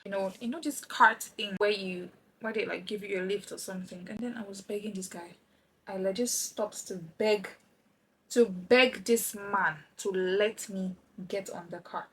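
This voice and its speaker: A young woman from Nigeria telling a lively travel story while doing her makeup, acting out the other people's lines. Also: mid-range voice, normal speed, husky, poor audio. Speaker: vlogger. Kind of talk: chatty get-ready-with-me story time.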